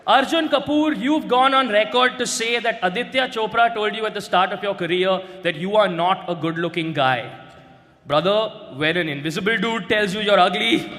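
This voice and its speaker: A young man, performing a stand-up roast set and shouting his punchlines brashly. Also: sits high, moderate pace. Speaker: roast comedian. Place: large indoor stage venue. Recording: live hall with reverb and crowd noise.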